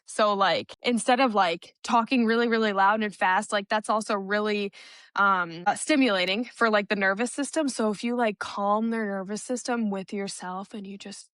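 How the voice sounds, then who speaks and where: Young woman, podcast co-host, casual and chatty, mid pitch, dry studio sound. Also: normal speed, no room sound. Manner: chatty, heavy use of "like", drops to soft monotone when demonstrating. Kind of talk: casual chat.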